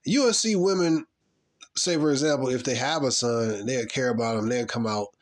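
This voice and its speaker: A man's voice: mid-range voice, moderate pace. A man giving his opinions in a rambling, emphatic casual monologue, full of slang. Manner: rambling, emphatic, slangy, mocking put-on voices.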